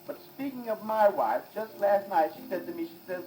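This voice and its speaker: A man rattles off a vaudeville comedy routine, wisecracking and chuckling at his own punchlines. His voice is mellow and sits back from the microphone. The scratchy 1920s phonograph recording adds an echoing room and faint surface noise. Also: high voice, fairly quick, few pauses, recorded from a distance. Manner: wisecracking, laughs at own jokes. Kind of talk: stand-up comedy monologue. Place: recording studio.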